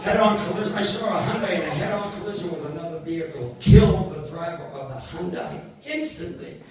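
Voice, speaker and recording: A man's voice: high voice, sing-song, brisk. An older man, joking and rambling through self-mocking stories for a party crowd. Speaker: party entertainer. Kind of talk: comic storytelling to a live party. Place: party hall. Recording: echoey hall from far off, noisy.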